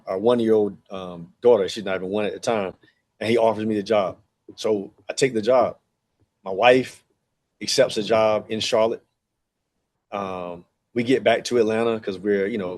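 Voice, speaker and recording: Low-leaning and darkish, the voice belongs to a man in his forties who directs track and field. As a podcast guest, he spins a long, rambling personal tale packed with fillers and acted-out conversations.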